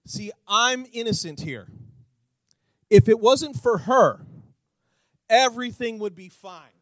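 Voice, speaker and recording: A man's voice: extremely high pitch, animated, slow pace, no room sound, exaggerated voice. A man preacher voicing a whiny, self-excusing first man who blames everyone else, pleading and growing indignant.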